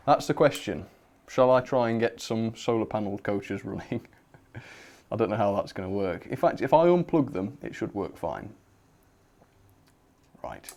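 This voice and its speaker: A young man hosting a relaxed livestream, chatting casually, reading out viewer comments with lots of fillers. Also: fairly low pitch. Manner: chatty, reads viewer comments aloud, frequent fillers and laughs. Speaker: livestream host. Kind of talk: casual live chat.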